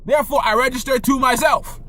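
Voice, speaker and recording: A man's voice: very high-pitched, fairly even intonation, fairly quick, sharp tone. A young man delivering a preachy, profane monologue rant, full of repetition and rhetorical questions.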